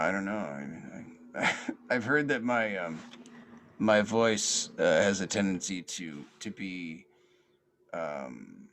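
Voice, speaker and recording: A man hosting a podcast, reflecting in a slow, halting way with many fillers and restarts, in a soothing, almost sleepy cadence. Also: low-pitched, a bit bright. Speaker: podcast host.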